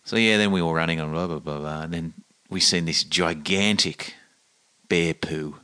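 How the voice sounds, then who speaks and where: A man's voice: low-pitched, fairly even intonation, normal speed, pushed and bright. A man with an Australian accent, casually telling rambling travel stories on a podcast and swearing freely. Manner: rambling anecdotes, acts out quotes, swears freely. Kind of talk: casual chat, storytelling.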